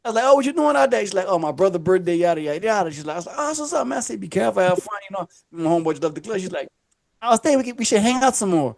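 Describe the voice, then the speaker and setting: A man's voice: high voice, expressive, racing, a little mellow, dry recording. A man telling a long story casually on a podcast, acting out the voices and laughing often.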